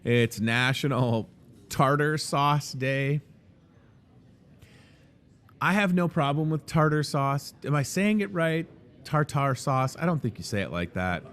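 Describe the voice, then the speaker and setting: A man's voice: fairly high pitch, big pitch swings, moderate pace, hardly any pauses, fairly bright tone. A man hosting a casual live show from inside a grocery store, joking and rambling in an upbeat way. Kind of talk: casual live promo chat.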